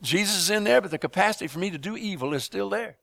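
A middle-aged preacher with a high, gravelly voice speaks at a quick pace in a recording without echo. His testimony sermon is animated, filled with stories, laughter, and questions for the audience.

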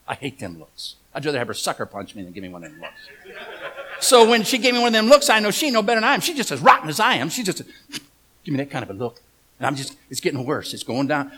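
A man's voice: fairly high pitch, animated, quick pace, sharp tone. A middle-aged man preaching a humorous storytelling sermon, folksy and joking, asking the congregation questions.

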